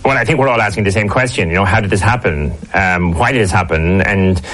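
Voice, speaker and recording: A man plays a radio rugby pundit in a comedy sketch. His voice is very low and he talks fast. He waffles and repeats himself in a deadpan way.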